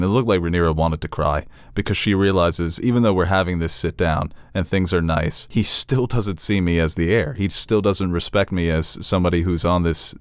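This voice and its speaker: A man with a low voice co-hosts a casual podcast chat, animated and quick to crack a joke. His voice sits close and dry, with no room sound. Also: no echo. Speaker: podcast co-host.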